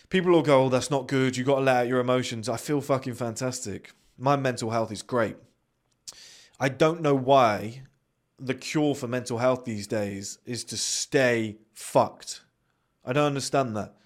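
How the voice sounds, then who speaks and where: A young man hosting a podcast, giving a blunt, sweary motivational monologue. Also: mid-range voice. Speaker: podcast host.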